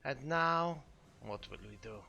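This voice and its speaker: A man voicing a menacing vampire lord who coaxes quietly and coldly, in a tabletop game. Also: mid-range voice, animated, measured pace, creaky, soft background music, voice pushed up, full character voice. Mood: coaxing.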